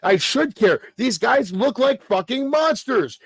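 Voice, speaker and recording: A man with a high-pitched voice runs a casual wrestling podcast, hyping matches and tossing rhetorical questions at his co-host. He swears freely and keeps the talk rolling. The recording is dry and close. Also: expressive, a little slow, creaky, husky, dry recording.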